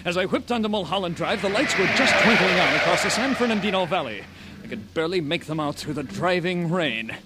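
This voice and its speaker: An actor playing a wisecracking hard-boiled private eye who narrates a comedy radio play in a fast deadpan manner. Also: male voice, high voice. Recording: noisy old radio recording.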